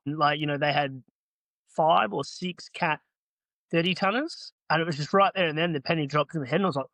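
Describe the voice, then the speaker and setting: A man's voice: on the high side, a bit bright, dry recording. A man with an Australian accent, a podcast guest who runs an earthmoving business, telling stories casually and acting out both sides of past conversations. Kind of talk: casual storytelling.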